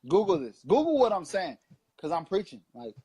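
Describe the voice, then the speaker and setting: High-voiced man preaching with profanity. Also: huge pitch swings, a little fast, warm tone, breathy edge. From Long Beach, California. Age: 30s. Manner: impassioned, profane, rambling preaching. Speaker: co-host. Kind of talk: casual political chat show.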